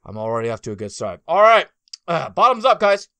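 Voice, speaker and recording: A man hosting a gaming video, talking casually as he plays, loud and excitable, exclaiming and groaning often. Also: a little high, brisk, clean tone, no room sound. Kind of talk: casual gameplay commentary.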